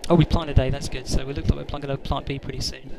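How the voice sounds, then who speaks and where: A man's voice: mid-range voice, little pitch movement, fast, vocal fry, heavy background noise. A man giving rambling, sweary, self-mocking commentary over his own gameplay. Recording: loud game gunfire and explosions behind.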